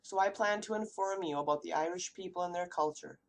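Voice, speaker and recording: A woman's voice: on the low side, a little fast. A woman from the United States giving a read-aloud class presentation, asking rhetorical questions as she goes. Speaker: student presenter.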